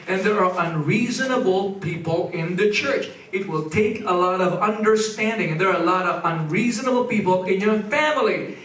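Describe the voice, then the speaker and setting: A middle-aged man preaching a sermon as pastor, animated and leading the congregation in call-and-response. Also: high voice, echoey room, far from the mic, rough recording. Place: church sanctuary.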